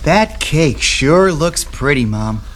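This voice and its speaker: An easygoing son chatting with his mother in a radio drama. His voice sits quite high for a man. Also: lively intonation, takes it slowly, a bit bright, slight background noise. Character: friendly son of the family.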